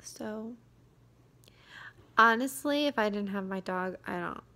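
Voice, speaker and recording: Quiet, hesitant young woman with a gravelly voice. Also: medium pitch, slow pace. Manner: quiet, hesitant, many fillers, slips into whispers. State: drained and tired. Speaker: vlogger. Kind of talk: confessional vlog.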